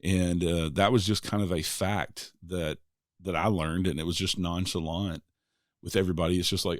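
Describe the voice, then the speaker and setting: A man with a very low voice hosts a podcast, chatting in a relaxed way full of "like"s and "uh"s. His voice sits close to the mic in a dry, dead space. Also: normal speed, no room sound. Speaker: podcast host. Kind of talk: casual podcast conversation.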